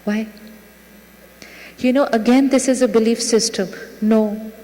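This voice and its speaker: A woman spiritual teacher giving a talk to a live audience, speaking gently and asking them rhetorical questions. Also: on the high side, fairly even intonation, measured pace. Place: lecture hall with audience. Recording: long reverb of a large hall.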